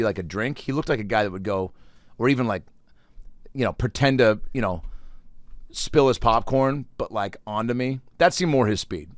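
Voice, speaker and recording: Comic monologist, male, profane and rambling, animated pitch, loud bursts when quoting. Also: dry recording, clean studio sound. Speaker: comedian.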